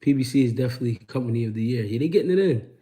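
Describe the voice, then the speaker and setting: A man's voice: mid-range voice, lively intonation, racing, mellow. A man hosting a casual livestream, answering chat questions and telling street stories in a slangy, laid-back way. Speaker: host.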